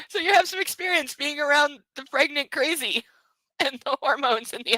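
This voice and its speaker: A woman's voice: sits high, moderate pace, bright, forceful tone, no echo, low-quality recording. A woman hosting a book club, reading a novel aloud and breaking off with mocking, laughing commentary. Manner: mocking asides between read passages; laughs often.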